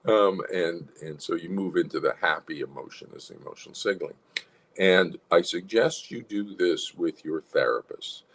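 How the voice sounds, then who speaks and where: Gravelly, animated male psychologist host. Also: sits low. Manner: animated, demonstrates tones of voice, chuckles. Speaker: psychologist hosting a livestream. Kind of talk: instructional livestream talk.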